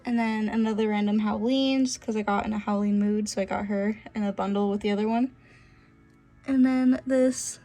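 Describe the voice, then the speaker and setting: Young woman gushing in a casual vlog, kinda high voice, faint music behind. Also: steady tone, normal speed, darkish tone. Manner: gushing, lots of filler "like". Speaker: vlogger, doll collector. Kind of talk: casual show-and-tell chat.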